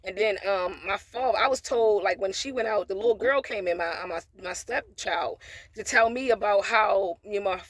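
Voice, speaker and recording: A woman's voice: medium pitch, moderate pace, no room sound. A woman vlogger telling a personal story in a casual monologue, blunt and profane, with preachy asides about faith.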